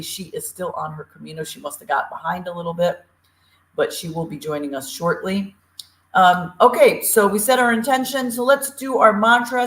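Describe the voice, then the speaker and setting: A woman's voice: on the low side, fairly bright tone, reverberant. A woman co-hosting a talk show, chatty and upbeat with lots of fillers, from Eastern Tennessee. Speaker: podcast co-host. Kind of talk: casual show opening and announcements.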